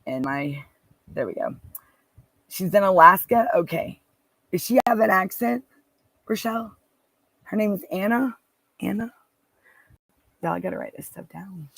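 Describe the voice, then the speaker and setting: A man's voice: sits high, lively intonation, normal speed, creaky, long pauses, a bit bright, no echo. Man, casual livestream host, rambling, dry close sound, sitting in a car. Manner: rambling, reads viewer comments aloud, many restarts. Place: parked car.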